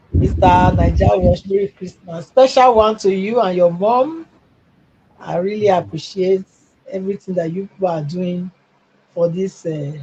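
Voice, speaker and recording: On a live stream, a middle-aged Nigerian woman with a husky, mid-range voice calls in with commentary. She speaks emphatically, rising almost to a shout, and the audio sounds a little dull and lo-fi.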